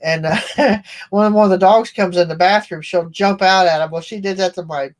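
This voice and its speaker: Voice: mid-range voice, fairly even intonation, moderate pace. Chatty, giggly co-host. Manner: chatty and giggly, laughs through anecdotes. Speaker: co-host of a daily live show. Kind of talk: casual chat.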